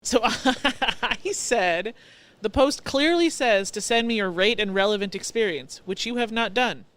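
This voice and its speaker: A woman's voice: a little high, animated, a little slow, fairly bright tone. A woman co-hosting a podcast in casual chat, telling stories and laughing often. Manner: laughing, storytelling. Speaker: podcast co-host.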